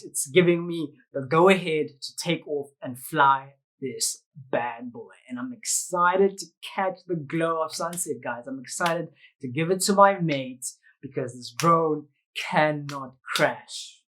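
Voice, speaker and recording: A South African vlogger with a fairly high voice tells a story to the camera at a slow pace, lively and full of slang, sound effects and quoted voices. The recording is rough, with slight background noise.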